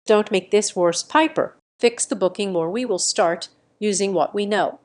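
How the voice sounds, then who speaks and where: A threatening middle-aged mother, breathless and jagged at first, then dropping into a low, guttural menace, as a woman narrator reads her lines. Her voice sits at an ordinary middle pitch for a woman. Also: normal speed, lightly acted. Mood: menacing.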